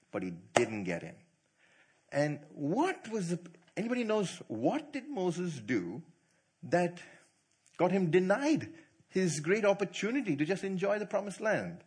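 A man preaching to church leaders, quizzing the audience and telling stories with animated delivery. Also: high-pitched, breathy edge. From not from India. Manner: animated, asks the audience questions, laughs easily. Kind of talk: sermon.

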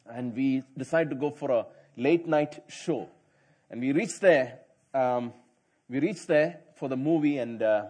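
A middle-aged man preaching a sermon as pastor. He tells stories in a quiet, chatty way and rises into loud, emphatic preaching. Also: high voice, slightly rough.

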